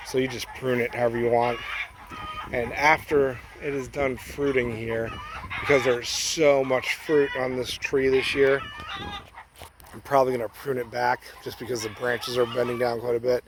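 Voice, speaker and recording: Relaxed man chatting outdoors, chickens nearby. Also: mid-range voice, normal speed. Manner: relaxed and chatty, often munching berries while talking. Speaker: grower showing his fruit trees. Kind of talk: casual garden vlog. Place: outdoors among fruit trees on his property. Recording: outdoor noise with chickens and a rooster.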